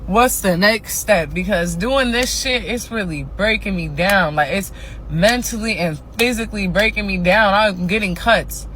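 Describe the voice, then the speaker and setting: Woman, exhausted, frustrated casual rant, swearing, repetitive, bright voice. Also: medium pitch, a little slow, a little hiss or hum. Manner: frustrated, swears a lot, repeats herself. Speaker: TikTok ranter. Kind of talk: casual ranting monologue.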